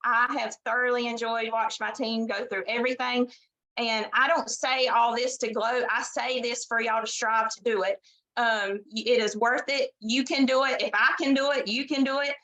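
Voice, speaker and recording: A woman's voice: on the high side, fairly even intonation, moderate pace, bright, forceful tone, poor audio. A woman, a team leader sharing her success story in a folksy, casual way on a video call, saying "y'all" often.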